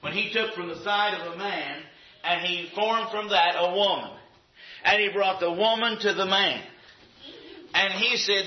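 A man's voice: high-pitched, unhurried. A man preaching a sermon in a church, emphatic and repetitive, firing off rhetorical questions. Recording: echoey, dull lo-fi sound.

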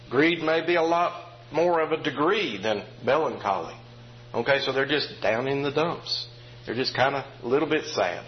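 A man preaching a morning sermon in a plain teaching manner, often pausing to check in with the congregation. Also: on the high side, animated, muffled recording, slight background noise. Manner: plain, repetitive teaching with frequent "okay?" check-ins.

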